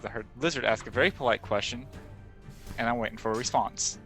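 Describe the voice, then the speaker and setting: Bright-voiced man asking game rules. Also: mid-range voice, fast, soft background music. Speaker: player. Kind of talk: tabletop game chat.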